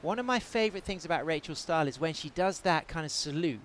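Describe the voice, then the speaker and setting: A man's voice: fairly high pitch, animated, quick pace, fairly bright tone, a little hiss or hum. A man with an English accent doing live play-by-play commentary on a surfing contest. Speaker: surf commentator.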